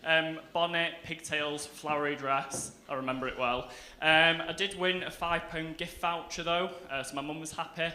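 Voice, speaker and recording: A man's voice: fairly high pitch, steady tone, normal speed, few pauses, sharp tone. A young man from England with a Northern English accent, doing a chatty, self-mocking stand-up set on a club stage. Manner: chatty, self-mocking, breaks into laughter, acts out quotes. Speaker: stand-up comedian. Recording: roomy club sound with faint hiss.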